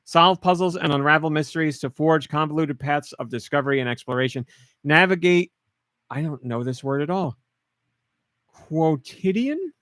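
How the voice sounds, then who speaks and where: A man's voice: fairly high pitch, brisk, fairly bright tone, no echo. A man co-hosting a casual podcast, trading dry, teasing banter and reading a game description aloud. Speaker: podcast co-host.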